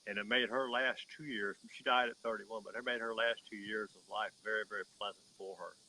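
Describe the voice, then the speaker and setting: A man's voice: on the low side, steady tone, brisk, bright, forceful tone, a little hiss or hum, low-quality recording. A man, a horse breeder, telling a story in an emphatic, folksy way during an interview.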